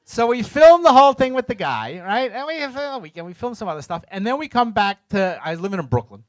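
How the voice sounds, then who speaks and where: Animated high-voiced man telling a story. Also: fast talker, dry recording. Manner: animated, acts out voices and sounds in his stories; self-mocking, jokes with the audience. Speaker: speaker telling a story to an audience. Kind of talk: lively storytelling talk to a live audience.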